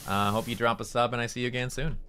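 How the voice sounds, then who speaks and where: Bright-voiced, rambling young man streamer. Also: medium pitch, little pitch movement, fast talker, a little hiss or hum, rough recording. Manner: rambling, profane and joking. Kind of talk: casual chat while streaming a game.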